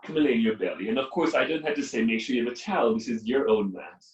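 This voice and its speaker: A man teaching a live online yoga class, giving calm guiding cues to his students. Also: medium pitch, fast, muffled recording. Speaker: yoga instructor. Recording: echoey room from far off.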